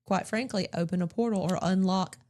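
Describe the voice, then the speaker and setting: A woman co-hosting a Christian ministry show, casually chatting and retelling film scenes step by step in an animated way. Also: medium pitch, a little fast. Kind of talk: casual film review chat.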